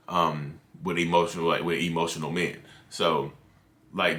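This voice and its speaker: Talk straight into the camera as a man with a very low but bright, forceful voice. Keep it loose and conversational, with plenty of fillers and restarts. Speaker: mental health content creator.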